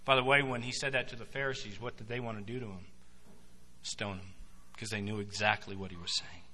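A man preaching a sermon, emphatic, swinging between loud proclamations and quiet asides. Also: on the low side, fairly even intonation, brisk, a little hiss or hum. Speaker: pastor. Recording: long hall reverb.

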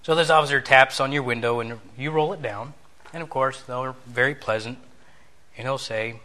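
A man's voice: mid-range voice, normal speed, pushed and bright. A man giving a conversational sermon lesson, telling a story, acting out bits of dialogue and asking his listeners questions.

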